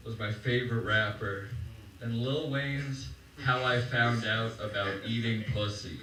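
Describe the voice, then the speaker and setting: A man's voice: mid-range voice, pushed and bright, far from the mic, slight background noise. A young man doing a stand-up set on a comedy club stage, joking loosely and chatting with the crowd. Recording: roomy live club sound from afar.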